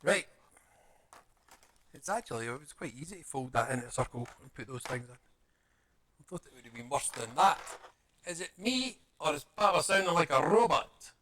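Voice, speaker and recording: A man's voice: on the high side, animated, moderate pace, long pauses, bright, forceful tone. Man muttering while building a model. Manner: mutters to himself while fiddling with small parts, chatty aside to viewers. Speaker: live streamer building a model kit. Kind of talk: casual live-stream chat while working. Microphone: streaming mic with adjustable audio settings.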